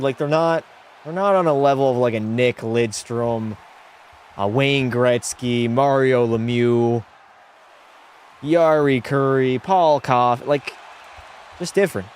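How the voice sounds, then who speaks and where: Speaking at a measured pace with frequent pauses, this young man has a mid-range, slightly mellow voice. He's in a home room streaming a hockey game, reading viewers' chat out loud and giving blunt opinions in casual stream talk.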